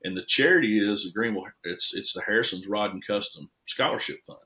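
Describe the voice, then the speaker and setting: Folksy shop owner, low-pitched male, animated guest storyteller. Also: a little fast. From Tennessee. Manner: folksy, animated storyteller with lively swings in loudness. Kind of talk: casual podcast storytelling.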